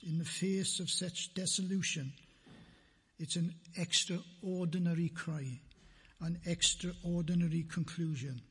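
A man preaching a sermon in a church, slow and deliberate, repeating phrases for emphasis, with a husky voice. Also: fairly high pitch, fairly even intonation, big-room sound.

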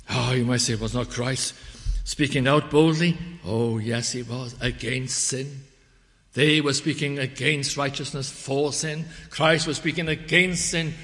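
A man preaching a fervent sermon, his bright, forceful voice sweeping between hushed reflection and loud proclamation. He quotes scripture in old-fashioned wording. The sound carries a long church-hall reverb. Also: medium pitch, steady tone, a little slow. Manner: rises to loud proclamation, then drops to quiet reflection.

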